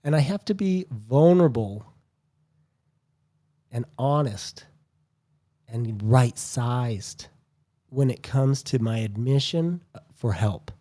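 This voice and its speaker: A man co-hosting a recovery podcast, speaking in a slow, earnest, reflective way. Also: mid-range voice, animated, mellow. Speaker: podcast co-host. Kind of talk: reflective talk.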